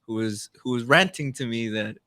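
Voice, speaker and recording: Casual swearing podcast co-host. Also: male voice, mid-range voice, moderate pace, sharp tone, dry recording. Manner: loose, swearing, rambling with many fillers. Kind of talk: casual chat.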